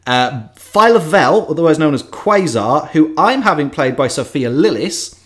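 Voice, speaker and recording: Animated man recapping a plot. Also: fairly high pitch, moderate pace. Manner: animated storyteller with frequent ums and asides. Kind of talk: casual chat, pitching a fan film plot.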